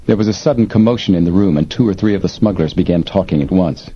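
A man narrating an adventure audiobook in an expressive, steady storytelling manner. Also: deep voice, fast, hardly any pauses, husky. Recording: dull lo-fi recording, faint hiss.

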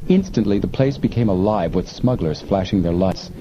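A man reading an adventure novel aloud in measured, suspenseful narration. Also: sits low, animated. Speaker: audiobook narrator. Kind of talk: scripted narration. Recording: muffled lo-fi with faint hiss.

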